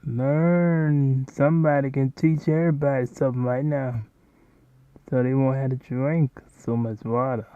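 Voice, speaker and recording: A man's voice: medium pitch, steady tone, a little slow, clean tone, dry recording. A man hosting, rambling and commenting casually over a video he is playing, often repeating himself. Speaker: host. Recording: dull, lo-fi home recording.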